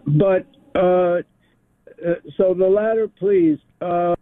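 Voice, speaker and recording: Older male caller in his 70s, high voice, halting, heard over a tinny phone line. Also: steady tone, no echo. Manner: halting, many fillers. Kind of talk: call-in radio talk.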